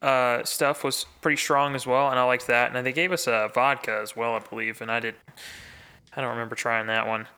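A man's voice: mid-range voice, level tone, fairly quick, pushed and bright, clear, resonant tone. A man co-hosting a podcast in casual chat, enthusiastic and talkative with frequent restarts. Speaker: podcast co-host.

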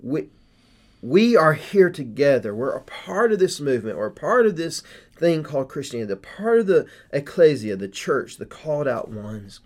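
A man's voice: on the high side, big pitch swings, normal speed. A man hosting a casual faith podcast, earnestly explaining his points step by step. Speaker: podcast host.

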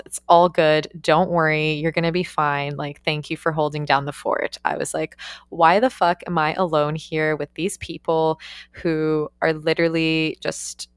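A woman's voice: low voice, moderate pace, smooth, no room sound, clean studio sound. A young woman who works on yacht crew, telling a story casually with lots of swearing and "like" fillers. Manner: profane, animated, frequent "like" fillers.

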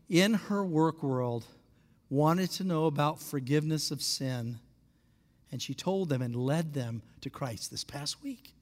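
High-voiced pastor preaching in reverberant hall. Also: male voice. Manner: storytelling, acts out dialogue with rising pitch. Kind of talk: sermon.

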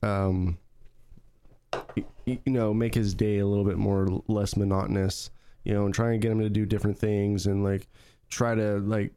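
A man's voice: fairly low pitch, level tone, normal speed, mellow, clear, resonant tone. Rambling, swearing man in casual chat. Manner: rambling, swears, many fillers and restarts. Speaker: podcast co-host.

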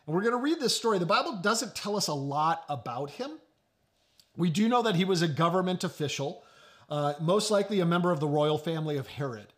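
A middle-aged man preaching a sermon. He tells a story in a conversational way and often drops to a low, quiet voice. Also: expressive, fairly quick. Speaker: pastor.

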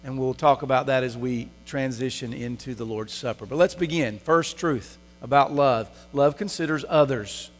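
In a church sanctuary with long hall reverb, a pastor preaches in a medium-pitched voice at normal speed with few pauses. Throughout his sermon he asks the congregation rhetorical questions.

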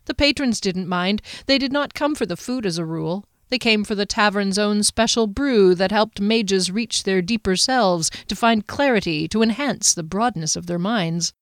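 Narrating an audiobook, a medium-pitched woman keeps her delivery measured yet expressive. It's a dry, studio-grade recording.

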